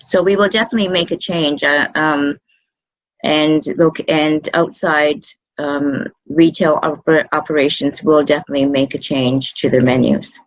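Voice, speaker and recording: A woman speaking as a food service manager in an interview, measured and thoughtful, with frequent fillers and restarts. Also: low-pitched, fairly even intonation, lo-fi sound. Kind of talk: video interview answers.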